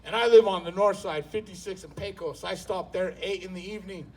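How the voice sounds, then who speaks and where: A man's voice: high-pitched, fairly quick, recorded from a distance. A man doing stand-up comedy, telling a long profane story and acting out the people in it with shifting voices. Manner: profane, animated, acts out characters with voice shifts.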